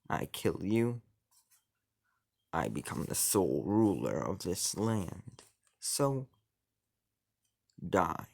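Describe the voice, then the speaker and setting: A man's voice: deep voice, gravelly, heavily acted. A man voicing a scheming, treacherous young husband who wants the throne, speaking in a cold, mocking way.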